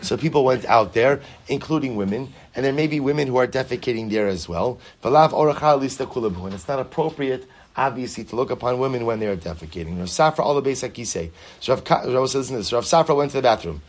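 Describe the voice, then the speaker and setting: A man's voice: medium pitch, lively intonation, fast. A man teaching a Talmud class, reading Aramaic lines aloud and translating them, with many rhetorical questions and repeated phrases.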